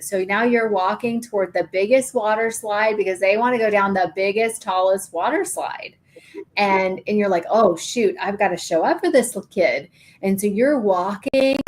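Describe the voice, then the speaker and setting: A woman's voice: mid-range voice, a little mellow. A middle-aged woman co-hosting a podcast, walking the listener through a guided imagery story and acting out its voices. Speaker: podcast co-host. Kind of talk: guided imagery exercise in casual chat.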